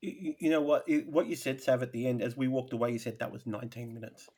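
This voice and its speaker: A man co-hosts a podcast and speaks in a sincere, emphatic way. His voice sits at an ordinary middle pitch. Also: steady tone, fast, warm tone, slightly rough. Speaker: podcast co-host. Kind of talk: casual chat.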